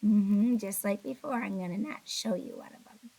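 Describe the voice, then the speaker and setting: A woman's voice: medium pitch, moderate pace, dark tone, a little hiss or hum, poor audio. A woman teacher recording a video lesson for young children, patient and encouraging, a little sleepy and yawning. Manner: patient, encouraging, talks to kids directly.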